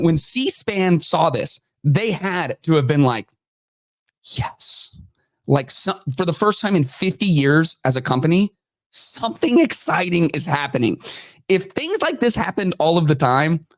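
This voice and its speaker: Guy podcast host riffing on the news, swings his pitch all over, dry mic. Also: dry recording. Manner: animated, mocking, acts out quotes. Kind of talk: casual commentary.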